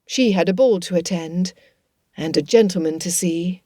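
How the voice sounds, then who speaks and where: A woman's voice: on the low side, moderate pace, mellow, no echo. Woman narrating an audiobook, dry.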